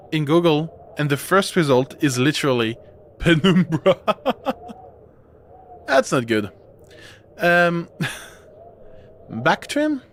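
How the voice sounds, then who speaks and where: Male streamer, casual game commentary, slow unhurried talk, rambling and chatty, faint background hiss. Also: a little high, a bit bright. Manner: rambling, chatty, self-interrupting with laughs. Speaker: streamer playing a horror game.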